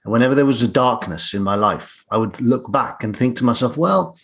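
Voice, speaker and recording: A man's voice: medium pitch, fairly quick, fairly bright tone. A man hosting a podcast, speaking sincerely and reflectively to his guest. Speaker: podcast host. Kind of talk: conversational podcast. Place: podcast studio.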